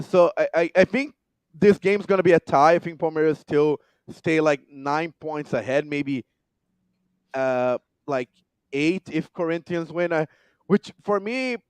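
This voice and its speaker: A podcast co-host with a Brazilian Portuguese accent and a high voice talks sports in English, his second language. He is animated and stumbles through fillers and restarts. The recording is dry and close. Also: smooth, no room sound. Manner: animated, halting with many fillers. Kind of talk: casual sports chat.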